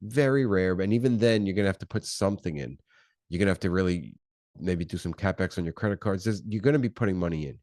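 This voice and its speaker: Low-voiced guy hosting his podcast, no script, punchy and fired up, lots of rhetorical questions, dry close mic. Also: fast talker, a little mellow, dry recording. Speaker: podcast host. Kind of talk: unscripted motivational monologue.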